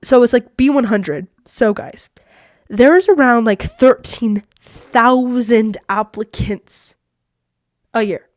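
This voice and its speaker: A woman's voice: a little high, takes it slowly, dry recording, clean studio sound. A teenage girl hosting a podcast, telling a story in a bubbly, chatty way and saying "like" a lot. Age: teens. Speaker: podcast host. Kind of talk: casual storytelling. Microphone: podcast mic that cuts out.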